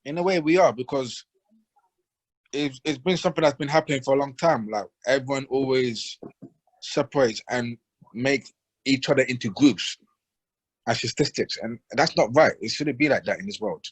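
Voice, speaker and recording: A man's voice: mid-range voice, normal speed, poor audio. A man co-hosting a casual podcast discussion, speaking earnestly and repeating himself as he thinks. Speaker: podcast co-host.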